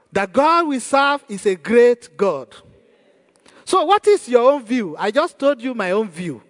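A man's voice: very high voice, big pitch swings, unhurried, big-room sound. A man preaching a sermon as pastor, asking rhetorical questions and repeating praise to the congregation.

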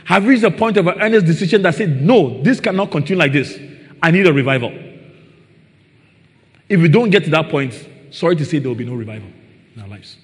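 A man's voice: on the high side, animated, fast talker, long pauses. A man preaching a sermon, often asking his listeners rhetorical questions. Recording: long reverb in a large hall.

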